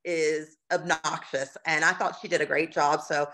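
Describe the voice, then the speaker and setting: A woman's voice: deep voice, flat delivery, normal speed, fairly bright tone. A woman from Texas, a book club member asking questions in a friendly, conversational way. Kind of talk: casual video-call interview.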